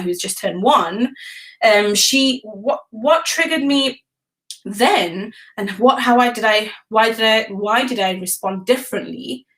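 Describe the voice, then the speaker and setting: A woman's voice: on the high side, fairly bright tone. A woman in her thirties hosting a casual live stream on parenting, talking animatedly to viewers and often checking in with "okay?".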